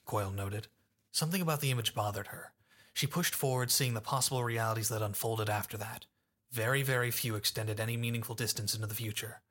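A man narrating a fan audiobook in a steady, even storytelling manner. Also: on the low side, fairly quick.

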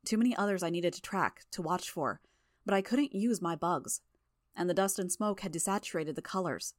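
Woman reading an audiobook, lowish voice, steady and even, dry close mic. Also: moderate pace, dry recording. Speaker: audiobook narrator. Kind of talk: first-person fan audiobook narration.

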